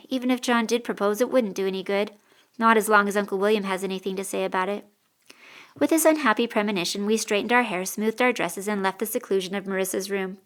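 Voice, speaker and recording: A woman reads a first-person audiobook in a measured, expressive way. Her voice is mid-pitched for a woman and carries each sentence steadily through the story. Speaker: audiobook narrator.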